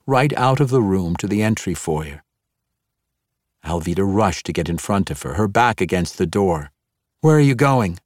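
Male narrator, low voice, dry close sound, measured audiobook read. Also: darkish tone, no room sound.

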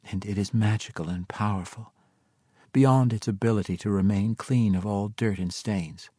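A man voicing a grieving, resolute woman warrior-wizard in an audiobook, speaking softly and measured. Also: on the low side, husky, no room sound. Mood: solemn. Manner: soft, hushed, measured.

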